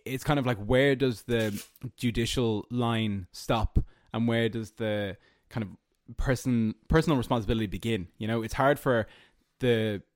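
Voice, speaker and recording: A young man with an Irish accent hosts a loose chat among friends, musing out loud and circling back with lots of "like" and "you know". His voice sits at an ordinary middle pitch. The sound is dry and close, with no room around it. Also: unhurried, no echo. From Ireland. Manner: rambling, reflective, full of fillers. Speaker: podcast host. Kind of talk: casual chat.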